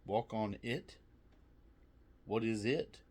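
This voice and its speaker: A man's voice: fairly low pitch, slow, husky. A man casually reviewing snacks, reading trivia aloud with jokey asides, swearing and laughing often.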